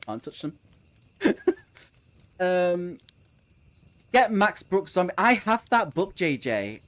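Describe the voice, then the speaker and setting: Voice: mid-range voice, very animated, slow, long pauses. A young adult book streamer chatting casually on a live reading sprint, answering chat messages, laughing often and swearing freely.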